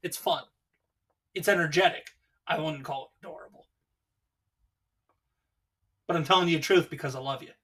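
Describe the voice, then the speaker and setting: A man's voice: a little high, normal speed, long pauses, a bit bright, slightly rough. A man hosting a casual livestream, reading chat messages aloud and teasing with frequent laughter. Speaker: host.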